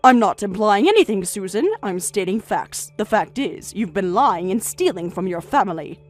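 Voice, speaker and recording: Woman reading a steady, firm older grandmother. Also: medium pitch, moderate pace, soft background music, natural voice. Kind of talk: story narration with dialogue.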